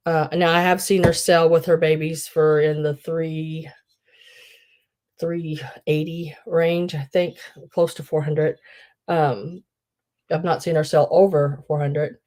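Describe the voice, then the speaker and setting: A woman's voice: low-pitched, a little mellow. A woman hosting a live online sale, chatting in a rambling way with lots of fillers. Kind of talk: casual live-sale chat.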